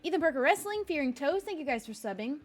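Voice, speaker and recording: A woman's voice: high-pitched, big pitch swings, quick pace, soft background music. Chatty young woman streamer, laughing often. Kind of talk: casual live-stream chat.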